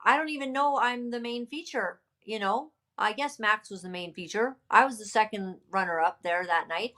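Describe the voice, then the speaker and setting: Woman, podcast guest, emphatic storyteller, lots of fillers, mid-pitched voice. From Canada. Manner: emphatic, lively retelling with many "you know" fillers. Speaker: podcast guest, political candidate. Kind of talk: storytelling in a casual interview.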